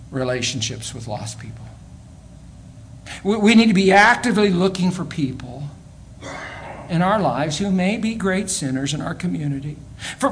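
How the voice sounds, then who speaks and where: A man preaching a sermon, animated, swinging between loud exclamations and quiet asides and often repeating words as he goes. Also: on the high side, breathy edge.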